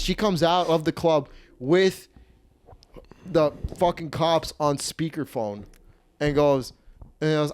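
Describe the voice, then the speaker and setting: A young man hosting a comedy podcast, telling a rowdy story and acting out the shouted lines. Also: on the high side, normal speed, smooth, no echo, studio quality. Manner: animated, swearing, acts out quotes loudly. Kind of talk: casual storytelling.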